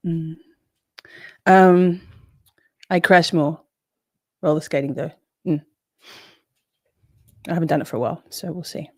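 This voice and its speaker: Woman, 40s, livestream host: loose, chatty, swears freely, lower-pitched voice, dry close sound. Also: fairly even intonation, a little slow, long pauses, husky, no room sound. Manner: chatty, swears, greets viewers by name. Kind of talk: casual livestream chat.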